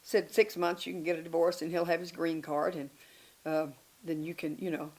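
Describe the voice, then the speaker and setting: An older woman, an interview guest, telling candid stories in a lively, self-mocking way and laughing between lines. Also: deep voice, moderate pace, background noise. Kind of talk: candid storytelling chat.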